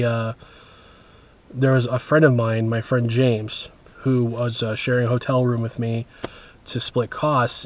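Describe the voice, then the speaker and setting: A man vlogging casually, recounting a story in a rambling, wry way with many asides and restarts. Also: medium pitch.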